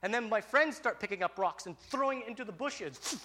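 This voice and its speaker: A man telling a personal story with lively energy. His pitch swings widely and his voice stays bright and fairly high, with frequent restarts as he talks. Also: a little fast. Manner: animated, excitable, frequent restarts.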